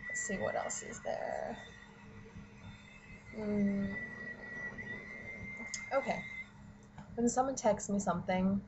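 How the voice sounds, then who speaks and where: A woman's voice: mid-range voice, a little mellow, muffled recording, a little hiss or hum. A young woman, a college student, ranting casually to camera, swearing and saying "like" constantly. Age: young adult. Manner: profane, heavy use of "like", exasperated.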